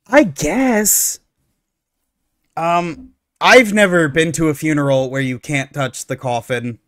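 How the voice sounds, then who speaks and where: Animated, sarcastic male streamer. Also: on the high side, slow, no room sound, clean studio sound. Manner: animated, sarcastic, opinionated ranting. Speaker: streamer reacting to online posts. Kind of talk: casual reaction commentary.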